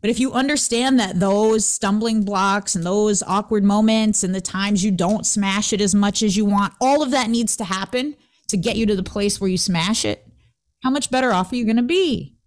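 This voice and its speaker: A woman hosting a casual motivational talk, lively and laughing often as she acts out what people said. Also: mid-range voice, normal speed. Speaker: host.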